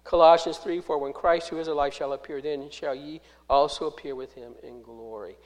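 A man preaching a sermon, reading scripture aloud and explaining it, with big swings in loudness and slowing down on key phrases. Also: fairly high pitch, steady tone.

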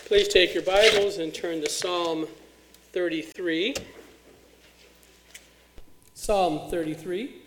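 A man's voice: high-pitched, takes it slowly, long pauses, noisy background. A man preaching a sermon as pastor, in a plain conversational way with occasional fillers, recorded in a church sanctuary. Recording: echoey church hall.

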